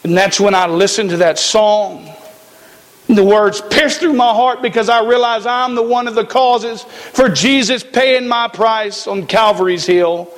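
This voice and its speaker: A man preaching a sermon in a church, slow and emphatic with dramatic pauses. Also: high-pitched, big-room sound. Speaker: pastor.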